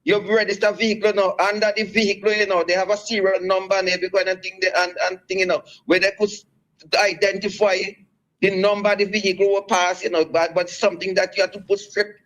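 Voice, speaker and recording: Male radio caller over phone, high-pitched, halting and rambling. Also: level tone, a bit bright, rough recording. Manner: rambling, halting, many restarts. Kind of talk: call-in radio talk.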